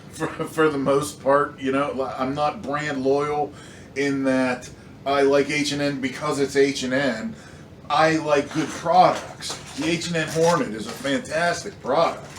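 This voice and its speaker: A man's voice: mid-range voice, steady tone, a little slow. Frustrated man in an echoey room. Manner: frustrated, emphatic, rambling with fillers. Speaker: airgun reviewer. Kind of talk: casual product review rant. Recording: echoey room, slightly distant mic, faint noise.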